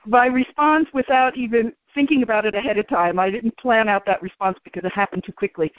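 Woman guest, relaxed storyteller, laughs easily; muffled, dry broadcast sound. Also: fairly high pitch, brisk, no room sound. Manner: calm, animated, laughs often. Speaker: interview guest. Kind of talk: storytelling in a radio interview. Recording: dull, dry radio sound.

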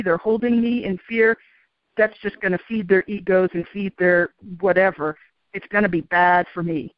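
A woman telling a story as an interview guest, calm and animated, often laughing. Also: medium pitch, dry recording. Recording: dull, dry radio sound.

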